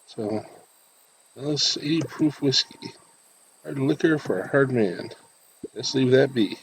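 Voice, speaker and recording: A man's voice: mid-range voice, creaky, slight background noise, poor audio. A man playing a story game, reading every character's lines himself between his own comments. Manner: voices all the game characters himself, shifting between them. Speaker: game streamer. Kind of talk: reading game dialogue aloud while playing.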